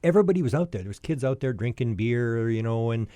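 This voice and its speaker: A man in his sixties telling a long personal story as a podcast guest, lively and anecdotal, often restarting his sentences. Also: medium pitch, quick pace, no echo. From Canada.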